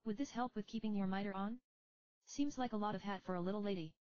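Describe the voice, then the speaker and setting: A woman voicing a tired but kind young woman who speaks in a friendly, gently teasing way in a storybook reading. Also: mid-range voice, fast talker, no echo, lo-fi sound, pitched above the performer's own voice, lightly acted. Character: weary young woman summoner, warm and kind.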